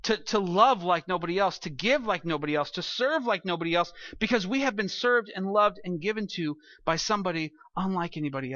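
A male pastor preaching a sermon at the front of a church, animated and conversational, slipping into quoted voices to make his points. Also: high-pitched, dry recording. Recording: dull lo-fi recording.

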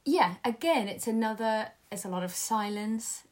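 A woman's voice: a little high, lively intonation, normal speed, a little mellow. Woman searching for her words on a film. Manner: searching for words, self-correcting. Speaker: film reviewer. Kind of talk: casual film discussion.

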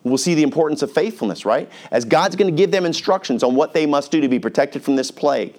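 A man's voice: fairly high pitch, lively intonation, fast talker, a little mellow. A male pastor preaching a sermon in an earnest, conversational way, reading scripture aloud.

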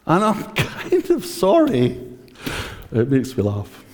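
Slow, lively preacher in echoey church. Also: male voice, on the high side. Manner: conversational, using a prop, talking directly to the congregation. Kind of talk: sermon.

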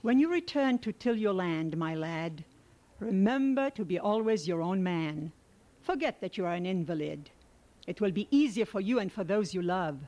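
A woman voicing a middle-aged male army doctor who speaks in a warm, fatherly way to a wounded private. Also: medium pitch, lively intonation, moderate pace, close to an everyday voice. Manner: warm, paternal.

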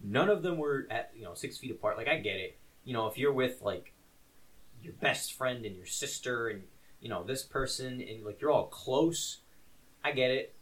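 A man's voice: medium pitch, lively intonation, moderate pace, a bit bright, rough recording. A man co-hosting a casual podcast, chatting in an easygoing, rambling way. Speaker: podcast co-host. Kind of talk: casual chat.

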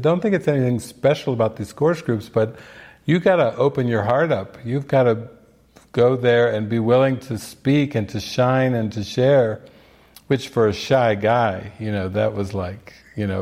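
A man's voice: medium pitch, darkish tone. Older man, spiritual teacher, casual storytelling talk, mid-range voice, acts out the voices he quotes. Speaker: spiritual teacher giving movie commentary.

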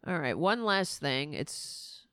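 A woman's voice: sits low, slow pace, smooth, no room sound. Tired, sarcastic woman show host. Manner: sarcastic, animated rants. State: tired and sleepy. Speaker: political talk show host. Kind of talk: casual political commentary.

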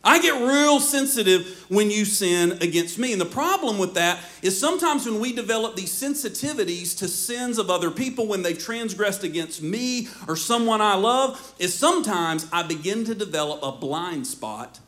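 Bright-voiced, animated male pastor. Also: high-pitched, moderate pace, hardly any pauses. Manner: animated storytelling, often laughing mid-sentence. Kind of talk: sermon with a personal story. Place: church.

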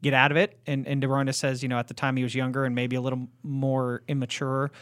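A man's voice: mid-range voice, little pitch movement, fast, a bit bright, dry recording. A man hosting a sports card podcast, talking steadily and informatively with many short affirmations. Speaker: podcast host. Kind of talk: casual chat and card price rundown.

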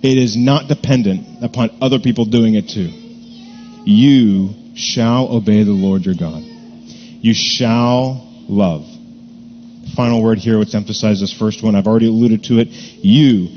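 A man preaching a sermon, earnest and deliberate, repeating key words to stress them. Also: lowish voice, steady tone, warm tone, big-room sound, muffled recording, slight background noise. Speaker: pastor.

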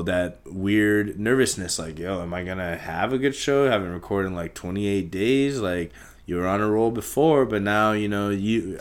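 A young man hosting a solo podcast, rambling and swearing casually, talking in circles and breaking into loud shouts. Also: deep voice. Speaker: podcast host.

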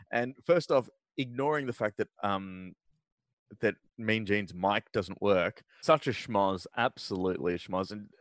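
A man's voice: on the low side, no echo. A man co-hosting a casual podcast chat. He rambles through long recaps with plenty of fillers and restarts, his voice close and dry with no room sound around it. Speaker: podcast co-host.

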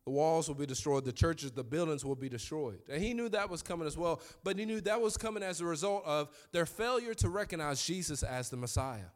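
A man in his thirties preaching a sermon, telling stories with lively quoted voices. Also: on the high side, brisk, few pauses. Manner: animated storytelling with quoted voices. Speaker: pastor.

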